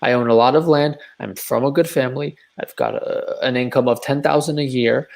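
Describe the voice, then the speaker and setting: An actor reading a blustering lovesick landowner in a live video-call play reading, stammering through impassioned declarations. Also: male voice, medium pitch, steady tone, a little fast, creaky, natural voice. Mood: pleading.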